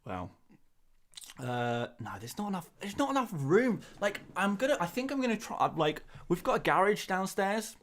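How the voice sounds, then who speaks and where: A man's voice: high-pitched, big pitch swings, moderate pace, a bit bright. A man with an English accent, hosting a live stream and answering viewers in a rambling, self-deprecating way, often repeating words, from a small cupboard-like room. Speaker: host.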